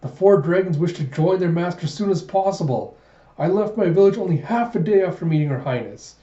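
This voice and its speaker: A man reading a proud, devoted young male dragon warrior from a manga, pompous and indignant, slightly raised in pitch. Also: lively intonation, a little fast, dark tone, echoey room, highs cut off.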